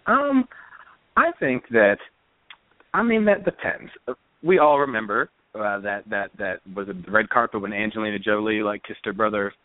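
A man's voice: fairly low pitch, expressive, normal speed, dry recording. A man co-hosting a casual podcast, chiming in with short agreements and then giving his own view. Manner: supportive listener, frequent short agreements. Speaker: podcast co-host. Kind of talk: casual chat. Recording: dry, tinny phone-line sound.

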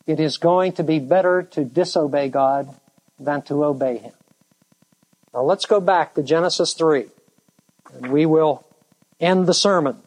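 A preacher delivering a sermon in a deliberate way, stretching out key words for emphasis. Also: medium pitch, darkish tone, poor audio.

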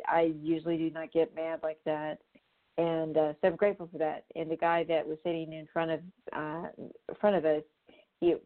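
A woman hosting a show, talking casually in a rambling way with lots of fillers and restarts. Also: sits low. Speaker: show host. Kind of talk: casual spoken monologue. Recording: tinny phone-line sound.

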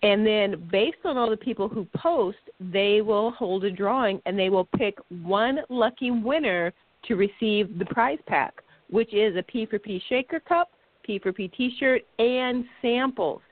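A woman's voice: medium pitch, unhurried, dry recording. A woman co-hosting an internet radio talk show, chatting cheerfully and reading out contest details. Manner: bubbly, laughs often. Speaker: co-host. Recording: dry phone-line audio.

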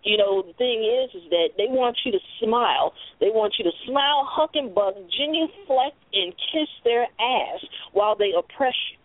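A woman's voice: on the high side, normal speed, few pauses. Emphatic woman on a tinny line. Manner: emphatic and blunt, with profanity. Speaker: host. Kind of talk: casual discussion. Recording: phone-like lo-fi audio.

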